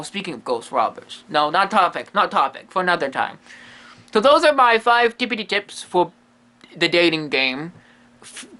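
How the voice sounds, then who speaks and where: Man doing a goofy ghost medium, broken english with dropped articles, bright voice that swings up and down a lot. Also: high voice. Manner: broken English that drops articles, rambling asides. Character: quirky lonely male ghost medium, self-amused and rambling. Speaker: comedy vlogger in character. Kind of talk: comedy character monologue.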